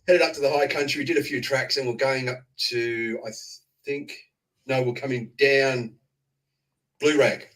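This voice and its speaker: Bright-voiced Australian man telling a story. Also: mid-range voice, fairly even intonation, normal speed. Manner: chatty storyteller, laughs often, acts out quotes. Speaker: guest. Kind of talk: casual chat on a livestream.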